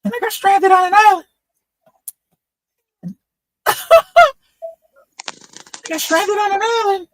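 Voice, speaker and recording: A man telling a joke and voicing a shipwrecked former sailor with a tiny head and a very high-pitched, squeaky voice. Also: moderate pace, fairly bright tone, no echo, low-quality recording. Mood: eager. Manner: eager storytelling, pleading.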